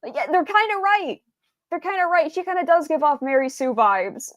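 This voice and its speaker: A woman's voice: sits high, expressive, moderate pace, no room sound, studio quality. A woman streamer chatting casually, rambling with many fillers and restarts, stumbling over her words and answering viewers' chat.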